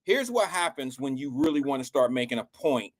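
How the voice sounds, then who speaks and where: A man's voice: medium pitch, sing-song, a little fast. A man hosting a casual talk show, laid-back and soothing with his caller. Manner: laid-back, soothing, keeps saying he hears you. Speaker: host.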